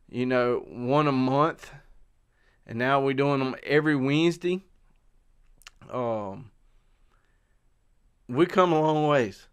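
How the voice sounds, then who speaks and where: A man's voice: mid-range voice, fairly bright tone, clean tone. A middle-aged man with a Southern US accent, chatting casually to viewers on a live stream and rambling with lots of fillers and restarts. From South Carolina. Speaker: outdoor channel host. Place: outdoors.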